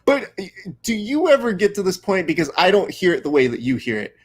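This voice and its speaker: A man's voice: high voice, sing-song, fairly quick, slightly rough. A man hosting a casual watch-along show, chatting and teasing his guest with frequent laughs. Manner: joking, teasing, laughs often. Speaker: show host.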